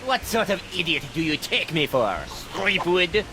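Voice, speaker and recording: An actor voicing a pompous, boastful mad scientist villain in a game. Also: male voice, high voice, lively intonation, normal speed, background noise. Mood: haughty. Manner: grandiose, boastful.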